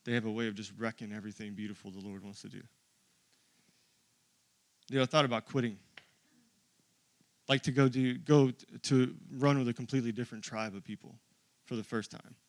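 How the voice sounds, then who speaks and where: A male pastor giving a sermon in a casual, confiding way, often saying "dude" and "like". He moves from quiet storytelling to loud, fervent preaching. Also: steady tone, fairly quick, long pauses, no room sound. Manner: builds from quiet, low storytelling to loud, high-pitched preaching.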